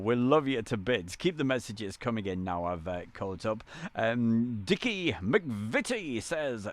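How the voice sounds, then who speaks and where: A man's voice: on the low side, lively intonation, unhurried. A man hosting a live stream from an editing van, chatting and greeting viewers by name. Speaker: livestream host.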